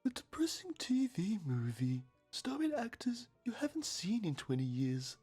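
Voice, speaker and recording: Game narrator: a man playing a grave, deadpan TV documentary host, mellow and husky, over faint music. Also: high-pitched, a little slow, heavily acted. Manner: deadpan, solemn documentary delivery. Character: solemn male TV documentary narrator.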